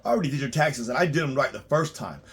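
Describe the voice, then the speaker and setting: A man with a husky, mid-pitched voice rants profanely as a tax preparer. He talks bluntly, jumping from loud outbursts down to low, grumbling asides. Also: fast talker. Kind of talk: profane ranting monologue.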